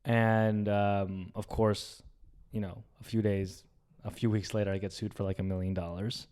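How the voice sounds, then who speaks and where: Smooth-voiced young man telling a story. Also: fairly low pitch, normal speed. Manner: animated retelling, acts out quoted voices, swears. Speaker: podcast co-host. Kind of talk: casual storytelling.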